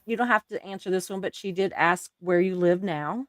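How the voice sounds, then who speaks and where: A woman's voice: on the low side, a little fast, dry recording, studio quality. A woman with a Southern accent hosting a casual livestream, chatting and reading viewer comments aloud with frequent laughter. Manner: giggly, chatty, laughs often. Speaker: livestream host.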